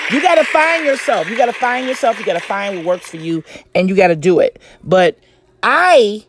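A woman's voice: medium pitch, sing-song, normal speed, background noise. A woman talking casually and bluntly about relationships, cursing and laughing often and addressing her listeners directly. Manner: addresses listeners as ladies and gentlemen. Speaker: relationship advice host. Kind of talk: casual advice monologue.

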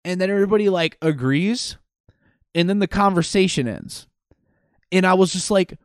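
A man in casual chat, animated and exasperated, acting out what characters say. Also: sits high, normal speed, pauses often, no room sound, clean studio sound. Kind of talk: casual chat about a video game.

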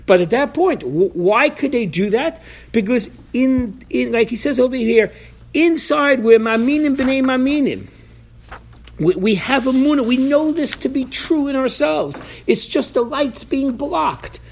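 A man's voice: very high-pitched, expressive, measured pace, vocal fry. A man giving an informal Torah class, talking animatedly, acting out voices from the story, and often restarting his sentences. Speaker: Torah teacher.

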